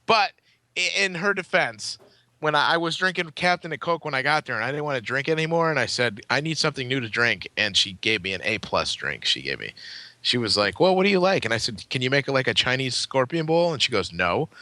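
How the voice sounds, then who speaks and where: A man chatting on a podcast, bluntly telling stories with plenty of swearing. His pitch swings widely and his tone is bright. The sound is dry and close. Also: very animated, fairly quick, dry recording. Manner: blunt storyteller, swears freely, acts out quotes. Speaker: podcast co-host. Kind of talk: casual podcast chat.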